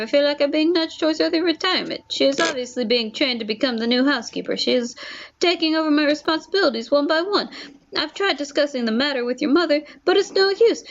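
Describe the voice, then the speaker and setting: A woman's voice: sits high, dull audio, voice pushed up. A woman voicing a worried, loyal old male butler in a story game, polite and deferential.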